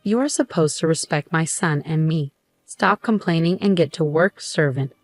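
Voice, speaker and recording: A woman's voice: deep voice, normal speed, no room sound, faint music behind. A woman voicing a harsh, bossy older mother-in-law in a storybook narration, speaking in a scolding, commanding way.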